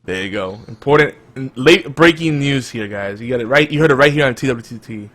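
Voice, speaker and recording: Man, podcast host, casual chat, mid pitch, lots of restarts and laughs. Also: animated, a little fast, a bit bright. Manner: chatty, laughs often, many restarts. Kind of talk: casual chat reading live chat.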